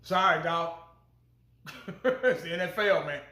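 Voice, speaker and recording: In an echoey room, a fan channel host with a high, bright voice offers casual commentary. He is blunt and profane, animated and getting fired up, yet he takes his time.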